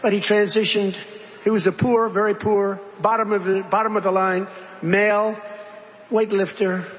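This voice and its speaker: A politician speaking to a crowd, rambling between topics with repeated phrases, asides and rhetorical questions. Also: male voice, sits high, little pitch movement, normal speed, fairly bright tone. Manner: digressive, repetitive, conversational asides and rhetorical questions. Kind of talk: rambling campaign-style speech. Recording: dull, reverberant hall recording with faint noise.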